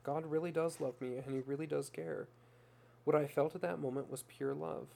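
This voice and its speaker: A man's voice: fairly high pitch, fairly even intonation, moderate pace, gravelly, mellow, a little hiss or hum. A man voicing a desperate young mother who pours out a raw, plain-spoken confession in a story reading. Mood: despairing.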